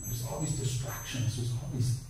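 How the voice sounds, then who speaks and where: A man's voice: mid-range voice, normal speed, dark tone, faint music behind. Older man giving a dharma talk, echoey hall. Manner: storytelling with playful asides. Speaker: dharma speaker. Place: temple hall. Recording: echoey hall from far off, background noise.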